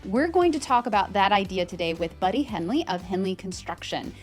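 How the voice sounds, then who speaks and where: A woman's voice: medium pitch, lively intonation, a little fast, faint music behind. A woman hosting a podcast interview, earnest and upbeat, laughing easily with her guest. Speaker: podcast host. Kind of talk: conversational interview.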